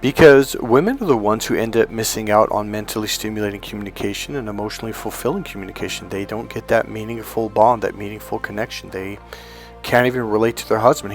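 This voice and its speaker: A man's voice: lowish voice, fairly even intonation, fast, soft background music. Emphatic male relationship coach. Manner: emphatic, acts out quoted couples' lines. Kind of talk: solo coaching monologue.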